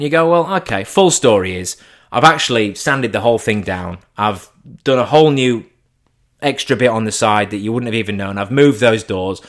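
A man talking casually in a monologue, animated and swearing, acting out mock phone calls in different voices. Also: on the low side, moderate pace.

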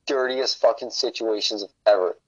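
A man's voice: on the low side, fairly even intonation, normal speed, no echo, lo-fi sound. A man, a podcast guest, in casual chat, telling stories in a rambling, profane way.

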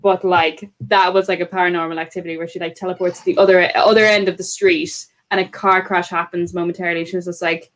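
Irish woman, podcast co-host, chatty, animated, swears. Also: fairly low pitch, fast, hardly any pauses. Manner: animated storyteller, swears freely, laughs a lot. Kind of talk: casual chat.

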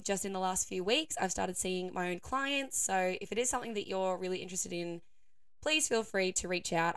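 A young woman hosts her own podcast in a loose, chatty way. Her voice is croaky and hoarse, and she laughs often and fills her sentences with easy fillers. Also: on the low side, fairly bright tone, dry recording. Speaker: podcast host. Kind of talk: casual solo podcast chat.

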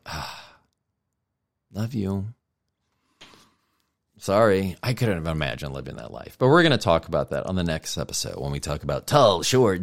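A middle-aged man hosting a podcast, telling a rambling, profane story in a heated, casual way. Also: deep voice. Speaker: podcast host.

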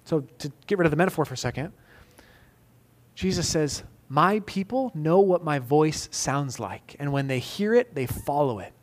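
A man, likely in his thirties, preaching a sermon as pastor, moving between emphatic loud peaks and soft, intimate questions. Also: on the high side, expressive, normal speed.

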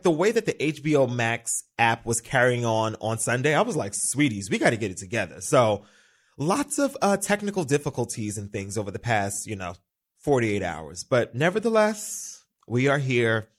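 A young man hosting a solo podcast, talking in a loose, animated way. His voice climbs and dips a great deal as he chats, and he swears freely. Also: medium pitch, moderate pace. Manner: animated, chatty, swears freely, quotes himself in little voices. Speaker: podcast host. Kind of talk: casual solo podcast chat.

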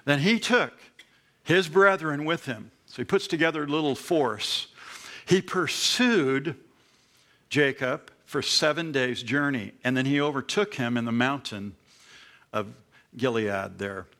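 Guy preaching, bright forceful tone, earnest and chatty, pitch jumps up when he makes a point. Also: a little slow. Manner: earnest, conversational, with sudden emphatic rises. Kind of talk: expository sermon.

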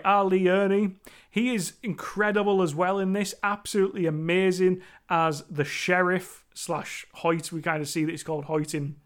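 High-voiced, emphatic man reviewing films. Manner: emphatic and enthusiastic, with frequent restarts and self-corrections. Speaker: horror film reviewer. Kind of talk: opinionated solo film review.

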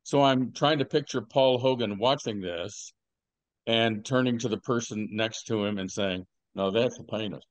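An older man hosting a podcast, telling rambling stories with deadpan jokes and lots of fillers. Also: mid-range voice, measured pace, dry recording. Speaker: podcast host. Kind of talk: casual podcast chat.

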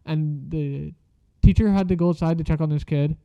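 In a casual storytelling vlog, a young man rambles through school stories, swearing and using lots of slang. His voice is a little high, gravelly, and mellow, with a clean tone and a steady delivery at normal speed. The recording is dry, muffled, and lo-fi, with no echo.

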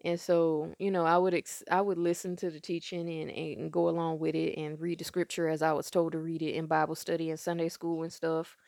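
A woman's voice: low voice, little pitch movement, brisk, creaky, few pauses, a little mellow, no room sound, studio quality. A congested woman, telling a spiritual story in a loose, rambling, conversational way as a podcast host.

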